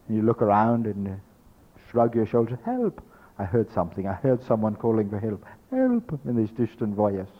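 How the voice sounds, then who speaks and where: A man's voice: medium pitch, narrow, tinny audio. A man teaching a spiritual workshop, speaking as "we", emphatic and repetitive, acting out his listeners' thoughts. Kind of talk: workshop lecture to an audience.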